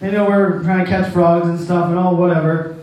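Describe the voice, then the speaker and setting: A man's voice: high voice, level tone, brisk, a little mellow. A man preaching a sermon who tells a personal story in a rambling, folksy way and laughs at his own jokes. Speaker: pastor. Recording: echoey hall, distant mic.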